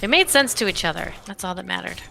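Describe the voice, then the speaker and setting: A woman's voice: on the low side, animated, fast, creaky, sharp tone, soft background music. A woman telling an amused story in casual voice chat during an online game. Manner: amused storytelling, laughing along. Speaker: gamer co-host. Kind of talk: casual voice-chat banter while gaming.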